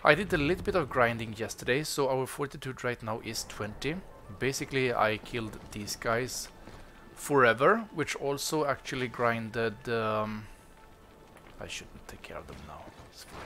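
A man hosts a let's-play, chatting casually and leaning on lots of fillers as he works through a game. His voice sits at medium pitch with a moderate pace, and there's slight background noise.

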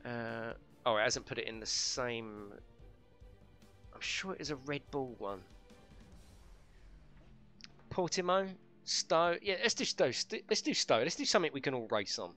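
A man's voice: medium pitch, lively intonation, moderate pace, pushed and bright, soft background music. A man streaming a racing game live, chatting casually with viewers and friends, swearing lightly and laughing often.

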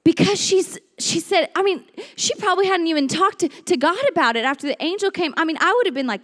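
A woman preaching a sermon in a church, lively and animated, often breaking into shouts and acted-out quotes. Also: extremely high pitch, quick pace. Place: church sanctuary. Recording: long hall reverb.

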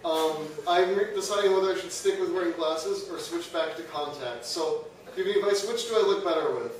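A young male college comedian telling an absurd story in a deadpan way to a live audience, sometimes laughing at his own jokes. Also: sits high, fairly quick, distant mic. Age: young adult. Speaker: student comedian. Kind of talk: stand-up comedy. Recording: echoey room, mic from afar, audience noise.

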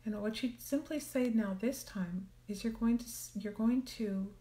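A woman guiding a meditation class, talking softly and gently and often sinking into a whisper. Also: a little high, normal speed. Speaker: meditation teacher. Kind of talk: guided meditation on a live stream. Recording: echoey room.

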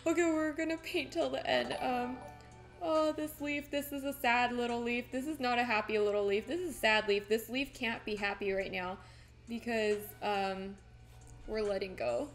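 A woman's voice: on the high side, fairly even intonation, moderate pace, soft background music. A woman live streaming while she paints, chatting casually with viewers in a playfully melodramatic, mock-tearful way.

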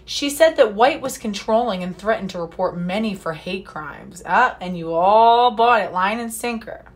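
A woman's voice: medium pitch, expressive, normal speed. A woman reading a news story aloud and breaking off into sarcastic, profane, indignant asides. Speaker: commentary vlogger.

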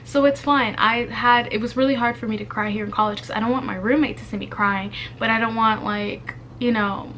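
A woman's voice: on the high side, steady tone, a little fast, hardly any pauses, fairly bright tone, a little hiss or hum. A young woman in college giving casual, earnest advice to her viewers, chatty with lots of fillers. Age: young adult. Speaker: vlogger. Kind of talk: casual heartfelt advice to camera.

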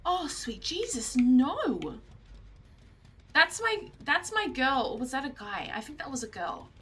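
A young woman, streaming herself playing a game and reacting in a panicky, excitable way. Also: high voice, moderate pace, breathy edge. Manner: excitable, panicky, often shrieking and laughing. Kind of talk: live gameplay commentary.

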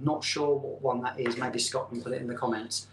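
A man's voice: medium pitch, little pitch movement, fairly quick, slight background noise. A man hosting a casual live stream, chatty and rambling, often poking fun at himself. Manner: chatty, rambling, self-deprecating. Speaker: channel host. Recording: roomy echo.

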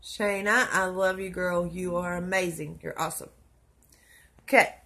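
A young woman, talking to her viewers in a casual vlog, soft-spoken and affectionate, her speech trailing off. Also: on the low side, fairly even intonation, a little slow, creaky. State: tearful. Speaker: vlogger.

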